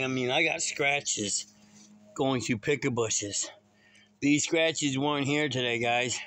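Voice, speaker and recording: A man's voice: mid-range voice, takes it slowly, a bit bright, a little hiss or hum. Rambling man telling a story. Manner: rambling, talks straight to viewers. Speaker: vlogger. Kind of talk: casual storytelling to viewers.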